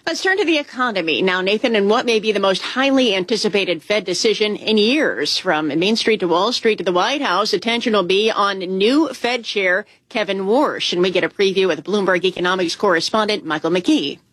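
A woman co-anchoring a radio news show, delivering market figures briskly and steadily. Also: medium pitch, fairly bright tone, dry recording. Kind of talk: scripted radio news reading.

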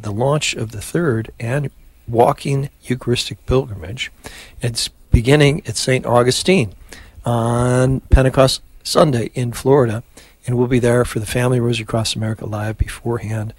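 A man hosts a live radio prayer program, leading the rosary in a steady, rhythmic cadence. His voice sits in an ordinary middle range. The studio sound is close and dry, with no room echo. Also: mid-range voice, normal speed, slightly rough. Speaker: radio host.

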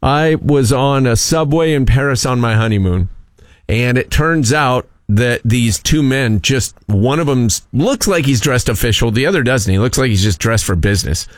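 American male radio host, expressive storyteller, dry booth. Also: mid-range voice, normal speed, dry recording. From United States. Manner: expressive, acts out voices, self-mocking. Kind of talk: casual storytelling chat.

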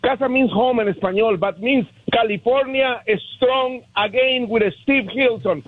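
A man calls in on a dry, tinny phone line. His voice is very high for a man, and he talks enthusiastically and rambles from one point to the next. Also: moderate pace, no echo. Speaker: caller.

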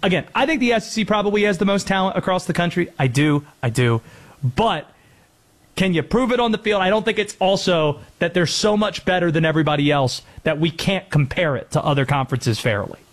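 A man's voice: sits high, animated, fairly quick. A man hosting a sports talk show, arguing about college football with a sarcastic, mocking tone. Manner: sarcastic, mocking rival fans. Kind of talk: casual college football debate.

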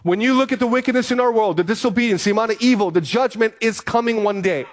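A man's voice: high-pitched, quick pace. A man in his fifties, a pastor preaching an impassioned sermon, repeating phrases and stumbling over restarts as he presses his point. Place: church in Hawaii.

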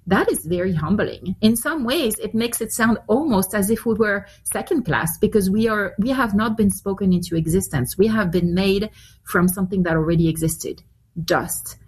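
Woman guest on a radio interview, slightly husky, earnest. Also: medium pitch, normal speed. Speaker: Bible teacher, guest.

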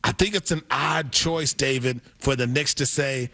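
A man's voice: mid-range voice, fairly even intonation, moderate pace, few pauses, sharp tone, dry recording, studio quality. A man hosting a sports radio show, chatting casually and animatedly about basketball news.

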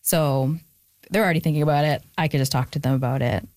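Woman, low pitch, reflective, casual interview, dry close sound. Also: fast, darkish tone, dry recording. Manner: reflective, gets emotional, many fillers. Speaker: author guest.

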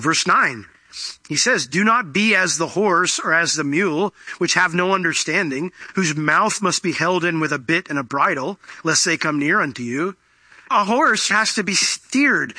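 Male pastor, high and very bright voice, chatty sermon delivery with acted-out asides, dry close sound. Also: no echo. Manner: conversational, acts out little quoted exchanges.

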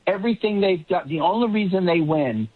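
A man's voice: high-pitched, lively intonation, brisk, no room sound. Male commentator on a tinny phone line. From Boston. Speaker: panel guest, political commentator. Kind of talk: talk radio commentary.

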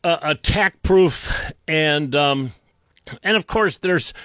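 A man with a Boston accent delivers an unscripted political rant, sarcastic and insulting, often restarting and clearing his throat. His voice sits a bit higher than most men's. The recording is dry and close, with no room echo. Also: slow, fairly bright tone. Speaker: political commentator.

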